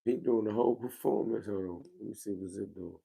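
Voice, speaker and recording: Gravelly low-voiced New man. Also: fairly quick, warm tone. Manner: laid-back slangy talk, reacting to viewers. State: a little tired. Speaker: livestream host. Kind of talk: casual livestream chat. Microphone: wearing a microphone.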